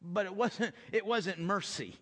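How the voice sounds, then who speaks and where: A middle-aged man preaching a sermon in a church, swinging between loud emphatic lines and hushed soft ones, often repeating phrases and putting questions to the congregation. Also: high voice, unhurried, big-room sound. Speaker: pastor. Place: church sanctuary.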